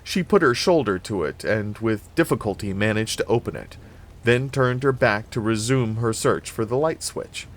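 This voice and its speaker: A man reading a horror novel aloud in a measured, steady storytelling manner. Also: lowish voice. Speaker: reader.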